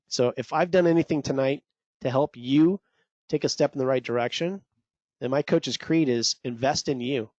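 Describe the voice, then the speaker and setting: Speaking straight to his audience, a man coaches traders during an energetic live webinar, pitching in a salesy, hyped-up way. He has a mid-range, somewhat dark voice, captured with no echo.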